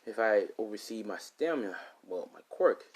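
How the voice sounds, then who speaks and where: A man's voice: fairly low pitch, lively intonation, moderate pace, rough recording. A man voicing a polite teenage boy who explains himself hesitantly. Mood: earnest. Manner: hesitant, rambling, mild.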